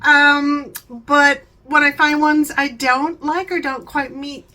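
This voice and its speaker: A woman's voice: high voice, flat delivery, takes it slowly, sharp tone, poor audio. A talkative woman hosting a home vlog, rambling chattily and laughing often. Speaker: vlogger, channel host.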